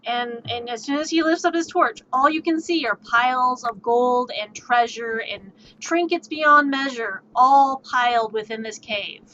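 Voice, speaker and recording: A woman streamer casually retelling a story on a live stream, animated and stammering. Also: a little high, a little slow, few pauses. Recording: dull lo-fi stream audio, faint noise.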